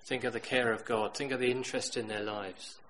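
Middle-aged male preacher, mid-pitched, lively sermon storyteller; light noise under the voice. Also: fairly quick, poor audio. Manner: storytelling, swings from loud emphatic to quiet.

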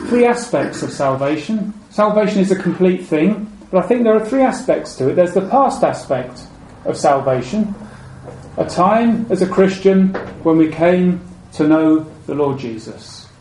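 With lively intonation, a preacher whose voice is high yet warm and mellow gives a measured sermon. He repeats important phrases and lets them settle low and soft, in an echoey space with faint ambient noise.

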